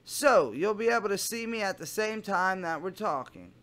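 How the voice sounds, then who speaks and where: A man playing a smarmy adult man sweet-talking online, with a slow, doting, syrupy delivery. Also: high-pitched, lively intonation, fairly bright tone.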